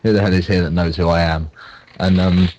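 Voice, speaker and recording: A man's voice: low voice, steady tone, brisk, a little mellow, slight background noise. Rambling young man, muffled lo-fi sound. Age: young adult. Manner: rambling storytelling with many fillers and restarts. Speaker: podcast co-host. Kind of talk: casual chat.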